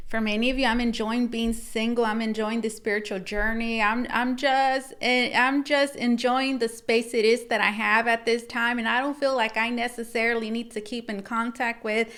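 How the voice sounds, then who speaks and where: A woman sits reading tarot cards for her viewers in a relaxed, rambling way, calling them guys and circling back over her points. Her voice is smooth and clear and sits a little high. She keeps a loose, conversational flow throughout. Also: normal speed, few pauses. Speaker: tarot reader. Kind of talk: casual tarot reading to camera.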